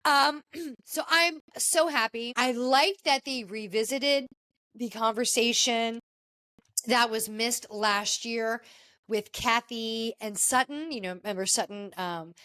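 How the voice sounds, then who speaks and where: A woman's voice: fairly high pitch, a bit bright. A woman hosting a podcast, chatting casually and gushing about a reality TV reunion, with frequent fillers. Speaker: podcast host.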